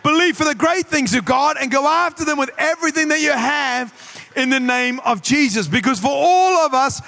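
Pastor guy preaching, really high bright voice, gets loud and shouty at the big moments, soft music under him. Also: normal speed, vocal fry. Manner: preaching with shouted peaks and acted asides. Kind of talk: sermon.

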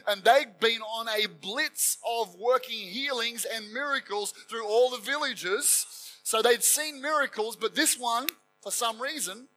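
A man preaching with a high, bright, forceful voice. He tells the story with emphasis and slips into the voices of the people he quotes. Soft music plays faintly behind him. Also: poor audio. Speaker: pastor. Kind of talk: sermon.

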